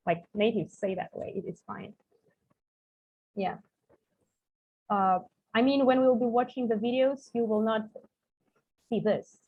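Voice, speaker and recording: A woman's voice: a little high, unhurried, pauses often. A woman with a Russian accent teaching an online English lesson, explaining with examples and many "like" fillers. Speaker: English tutor for coaches. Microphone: video call. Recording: husky voice over a tinny call line.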